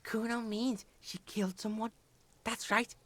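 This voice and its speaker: A woman's voice: on the high side, steady tone, measured pace. A woman voicing a brash, foul-mouthed street boy in a video game, who swears constantly and talks about himself in the third person. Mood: boastful.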